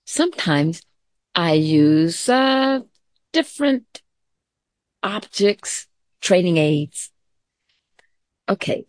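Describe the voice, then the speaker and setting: A middle-aged woman teacher giving a gentle, calm mindfulness lesson to children, mixing story time with questions to the class. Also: fairly low pitch, no room sound, studio quality.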